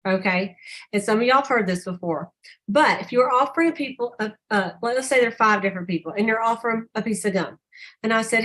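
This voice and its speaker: An older woman leading a sales team call, telling stories animatedly and acting out customers' lines in a higher voice. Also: fairly quick. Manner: animated storyteller, acts out customer dialogue in a higher voice.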